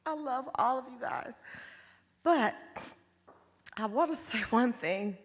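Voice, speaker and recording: A woman with a weak, quiet voice speaking haltingly at a funeral in a funeral home chapel. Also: a little high, animated. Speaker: family member giving a tribute. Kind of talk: funeral tribute. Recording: long hall reverb.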